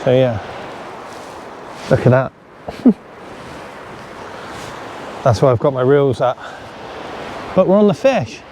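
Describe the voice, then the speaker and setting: A man casually chatting to his viewers while fishing on a sandy shore, talking straight to the camera and getting excited when a fish bites. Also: mid-range voice, slow, pauses often. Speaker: fishing vlogger. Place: outdoors on a sandy shore at low tide. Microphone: camera set up on the beach. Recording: outdoor recording with loud surf noise. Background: waves and surf.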